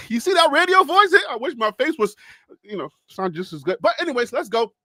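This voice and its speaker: A man with a Liberian accent hosting a sports talk stream, talking fast and energetically as he gives viewers shout-outs. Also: very high voice, sing-song, no room sound, studio quality. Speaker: sports talk show host. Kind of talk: casual live-stream chat with shout-outs.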